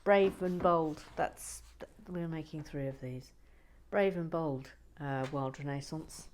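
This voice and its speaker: Woman hosting a chill build vid, slow and low, half whispering, dry teasing, close mic. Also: steady tone, slight background noise. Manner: soft-spoken, dry and teasing, often whispering. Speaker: host. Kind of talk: relaxing building commentary.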